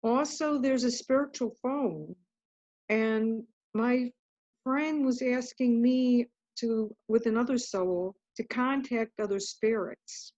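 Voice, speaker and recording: Speaking slowly in a fairly high, darkish voice, this woman is a guest author recounting her story in a relaxed interview. She rambles earnestly and keeps breaking off to restart. There's no echo, but the lo-fi audio sounds muffled and dull.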